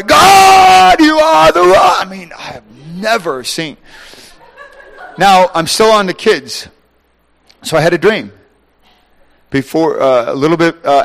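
A middle-aged man preaching a sermon, animated, shouting at times, acting out voices and laughing. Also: fairly high pitch.

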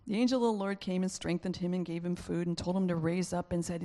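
A woman's voice: on the low side, quick pace, few pauses, warm tone. A woman preacher giving a conversational sermon, acting out voices with laughing asides.

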